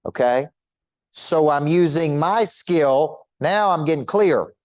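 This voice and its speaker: A man's voice: a little high, lively intonation, takes it slowly, no room sound. Emphatic male coach, dry sound. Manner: emphatic, repetitive, asks the audience rhetorical questions. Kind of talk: motivational teaching talk.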